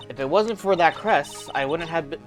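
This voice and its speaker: A woman's voice: low-pitched, moderate pace, faint music behind, close to an everyday voice. A woman voicing a cheerful young woman medium in a game, chatty and curious. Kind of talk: voicing game dialogue live.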